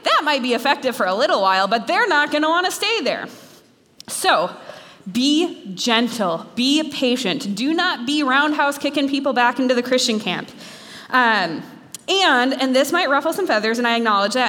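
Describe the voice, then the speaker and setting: Young woman, Minnesota, chatty and self-deprecating, fairly high voice, long hall reverb. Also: fairly bright tone. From Minnesota, USA. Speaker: speaker. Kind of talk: talk to students.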